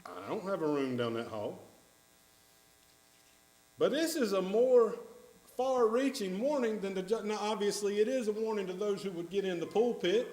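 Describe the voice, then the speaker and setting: Southern guy preaching in a church, kinda high voice, echoey room, keeps repeating himself for emphasis. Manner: earnest, repeats key phrases for emphasis. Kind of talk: sermon. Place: church sanctuary.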